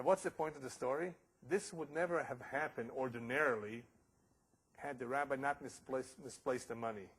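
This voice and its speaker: A man's voice: a little high, a bit bright, breathy edge, low-quality recording. A man giving a religious lecture as a rabbi, telling stories and sprinkling in Hebrew and Yiddish terms.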